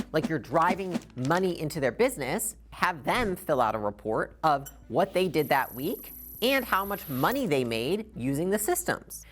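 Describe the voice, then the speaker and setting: A woman in her thirties talks quickly with a lower-pitched voice. Her intonation swings widely as she hammers home business lessons. She is blunt and emphatic, with casual swearing. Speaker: business educator. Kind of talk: direct business talk to camera.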